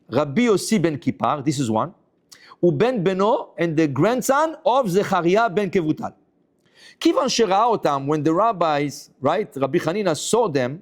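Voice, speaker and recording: A rabbi tells a Talmud story to his class in a high, quick voice that jumps all over the place. He acts out each exchange with exclamations and questions, then stops to spell the point out again for his students.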